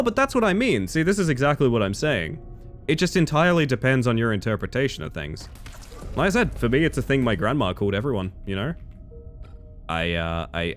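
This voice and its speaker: Low-voiced guy streaming, chatting with chat, bouncy delivery, laughs a lot, faint music behind. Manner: chatty, reads chat aloud, laughs often. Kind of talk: casual live-stream chat while gaming.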